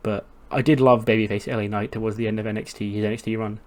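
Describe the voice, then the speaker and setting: A man's voice: fairly low pitch, flat delivery, fast, darkish tone. Casual male let's-play narrator, swears, chuckles. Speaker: gaming YouTuber.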